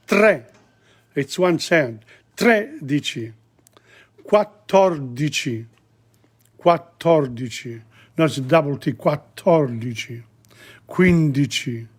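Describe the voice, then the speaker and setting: A middle-aged man gives a language lesson at an unhurried pace, his voice a little higher than most men's. He sounds out each word syllable by syllable, deliberate and patient. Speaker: Italian language teacher. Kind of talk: slow spoken language lesson.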